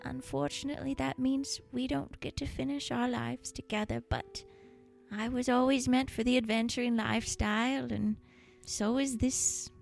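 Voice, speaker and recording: A woman's voice: on the high side, steady tone, normal speed, creaky, a little mellow, soft background music. A woman playing a wise little girl hero. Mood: solemn. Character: small girl who was once an old heroine.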